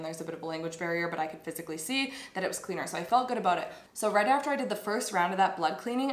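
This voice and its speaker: A young woman vlogger telling her personal story in an earnest, reflective way, with many casual fillers. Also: on the low side. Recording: echoey room.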